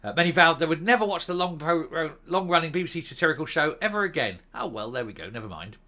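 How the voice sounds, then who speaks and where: A man's voice: on the high side, expressive, quick pace, pushed and bright. A man hosting his own political opinion show, ranting with scorn and sarcasm. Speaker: host.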